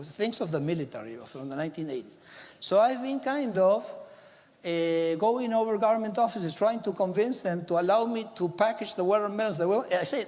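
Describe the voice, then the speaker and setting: A man with an Argentine Spanish accent giving a speech to a business audience, storytelling in an animated way with frequent "okay?" asides. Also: high-pitched, fairly quick, big-room sound. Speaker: government minister giving a speech. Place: large conference hall.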